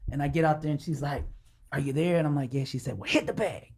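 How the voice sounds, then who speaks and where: A man's voice: a little high, fast talker, slightly rough. Man telling a story animatedly. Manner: animated, acts out dialogue in the telling. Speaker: interview guest. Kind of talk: storytelling in a podcast interview.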